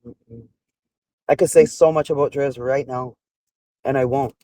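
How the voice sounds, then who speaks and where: A commentator in their forties reacting heatedly, cursing freely and scolding in a blunt, streetwise way. The voice is mid-pitched and recorded dry and close, with little room sound. Rhetorical questions often pile up in quick bursts. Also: steady tone, mellow, dry recording. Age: 40s. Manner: rapid-fire rhetorical questions. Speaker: commentator reacting to a reality show.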